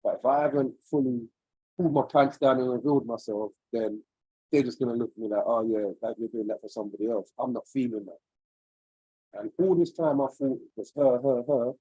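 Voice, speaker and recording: A man's voice: mid-range voice, a little fast, warm tone, slightly rough, dry recording, low-quality recording. A man on a video call, sharing a personal story in an earnest, searching, rambling way. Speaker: webinar participant.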